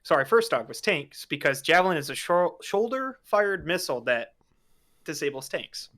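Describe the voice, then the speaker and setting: A man's voice: a little high, big pitch swings, normal speed, a bit bright. A man in his twenties in casual podcast chat, rambling and swearing freely. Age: 20s. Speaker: podcast guest.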